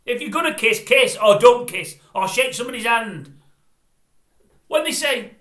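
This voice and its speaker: A man's voice: very high voice, lively intonation, unhurried, long pauses, fairly bright tone. An older man delivering a blunt, grumbling, rambling opinion monologue to camera. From Britain. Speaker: vlogger. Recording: roomy echo.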